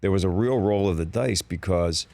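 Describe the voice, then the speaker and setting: A man in his sixties from Philadelphia speaks as an interview guest in a very deep register. His voice is recorded dry and close. He tells rambling stories in an easygoing way. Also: normal speed, gravelly, no room sound. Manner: relaxed, rambling storyteller. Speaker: actor guest. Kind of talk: casual interview chat.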